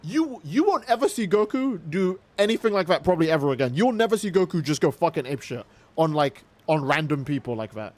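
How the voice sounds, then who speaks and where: Young guy streaming, fired up, swears a lot, kinda high voice, rambles. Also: fairly quick. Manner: excitable, profane, rambling. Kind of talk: casual livestream commentary.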